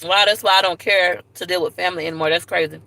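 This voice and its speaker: A young woman from Tampa chatting casually to viewers on a live video from her car, lively and direct. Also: fairly low pitch, fast talker, gravelly, no echo, poor audio. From Tampa, Florida. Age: young adult. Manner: chatty, animated, talks straight to viewers. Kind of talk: casual livestream chat. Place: in a car at a park. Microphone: phone camera.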